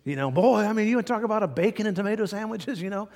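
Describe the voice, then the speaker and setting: A man preaching a sermon as pastor, folksy and animated, chuckling now and then at his own jokes. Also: high-pitched, quick pace, long reverb tail.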